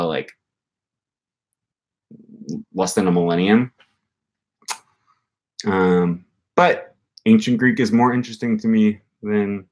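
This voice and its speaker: A man hosting a casual language-learning livestream, reading viewer comments and rambling with frequent restarts. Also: lowish voice. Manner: rambling, self-correcting, with frequent fillers and restarts.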